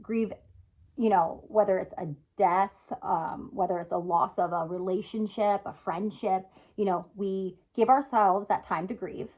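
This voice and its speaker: A woman in her thirties talks to camera from her home in an earnest, chatty way, forever tagging on "right?" and "you know". Her voice sits at an ordinary middle pitch. The recording sounds a little dull and lo-fi. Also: steady tone, a little slow, darkish tone. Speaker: vlogger. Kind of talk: casual heartfelt talk to camera. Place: at home indoors by a window.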